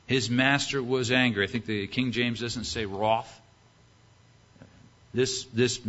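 A man's voice: mid-range voice, sharp tone, highs cut off. A man preaching a sermon, reading scripture and acting out its characters with rhetorical questions.

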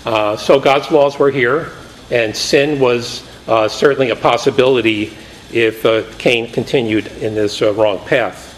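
A man's voice: mid-range voice, a little slow, a little hiss or hum, rough recording. A man preaching a Bible study sermon in a conversational way, paraphrasing scripture and acting out the quotes with energy.

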